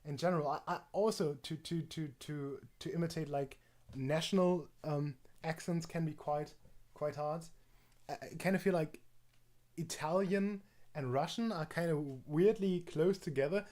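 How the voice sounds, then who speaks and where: A man's voice: a little high, darkish tone. A man streaming in a casual chat, rambling and hesitant with frequent restarts and fillers.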